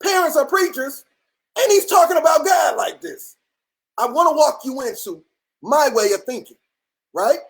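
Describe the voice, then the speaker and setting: A man's voice: extremely high pitch, normal speed, gravelly, long pauses, rough recording. A man hosting a livestream, ranting in a passionate, profane and emphatic way. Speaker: livestream host. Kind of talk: livestream rant.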